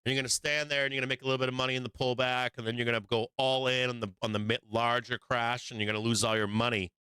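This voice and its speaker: A man hosts a live stock market show as a livestream, speaking very fast with a mid-range voice, little pitch movement, and a sharp yet smooth tone on a dry recording. He is blunt and profane, hammering home points by repeating them.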